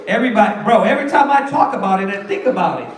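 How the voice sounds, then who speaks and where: A high-pitched man leads a Bible class with animated, slangy humor and rhetorical questions. His voice lands from some distance, ringing around a very echoey room. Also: very fast. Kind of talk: lively street-talk preaching. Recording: echoey room, voice far from mic.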